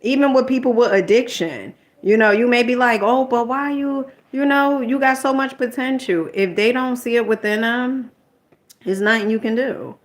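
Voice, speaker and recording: A woman's voice: on the high side, moderate pace. A middle-aged woman telling a personal story in a candid, rambling vlog, quoting herself and lecturing in an exasperated motherly way. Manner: rambling and candid, retells arguments and quotes herself. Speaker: vlogger.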